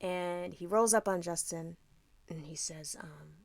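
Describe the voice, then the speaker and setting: A woman's voice: fairly low pitch, unhurried, gravelly, no room sound. A woman from Tampa, Florida, co-hosting a podcast, telling a story in a casual chat, acting out other people's voices and laughing often. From Tampa, Florida, USA. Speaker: podcast co-host.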